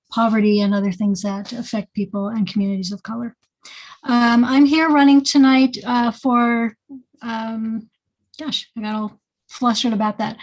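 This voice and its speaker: A woman gives an earnest campaign statement over a video call. Her voice stays level and barely moves in pitch, and she fills her pauses with ums. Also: a little mellow. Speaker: local candidate. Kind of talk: short speech at an online meeting.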